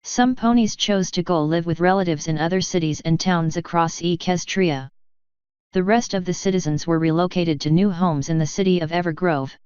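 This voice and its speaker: Wry quiet mare soldier, a woman reading her, smooth voice, dull lo-fi sound. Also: fairly low pitch, normal speed, dry recording, lightly acted. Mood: reassuring.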